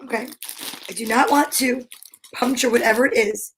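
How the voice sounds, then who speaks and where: A woman hosting a show for young viewers, talking with gushing excitement and frequent gasps. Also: a little high, normal speed, slightly rough. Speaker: children's show host. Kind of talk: enthusiastic talk to young viewers.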